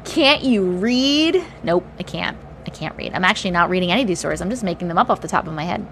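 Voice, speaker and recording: A woman hosting a livestream, reading viewers' stories aloud with feeling, pausing to react and teasing her chat bluntly. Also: fairly low pitch, vocal fry, a bit bright, a little hiss or hum.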